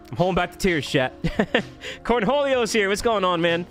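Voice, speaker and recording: A man streaming live, cheerfully greeting viewers by name and thanking them with quick laughs. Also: sits high, lively intonation, faint music behind. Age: adult. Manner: upbeat, rapid shout-outs with laughs. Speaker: YouTube streamer.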